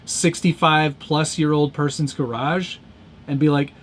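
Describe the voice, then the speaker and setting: A man's voice: fairly high pitch, steady tone, measured pace, slight background noise. A man co-hosting a casual livestream, joking and playful in his banter. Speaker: livestream co-host.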